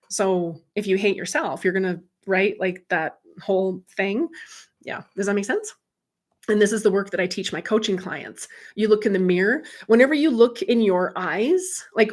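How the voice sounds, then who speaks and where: A woman's voice: medium pitch, normal speed. Chatty woman medium on a livestream. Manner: chatty and candid, reads viewer comments aloud. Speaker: medium and life coach hosting a livestream. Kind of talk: casual livestream chat.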